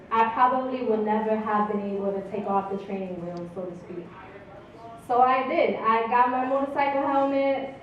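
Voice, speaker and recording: A woman's voice: fairly high pitch, a little hiss or hum. Woman telling a story at a ballpark. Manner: laughing, animated, chatty. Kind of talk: live storytelling on stage. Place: outdoor ballpark stage. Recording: echoey, distant, dull live recording.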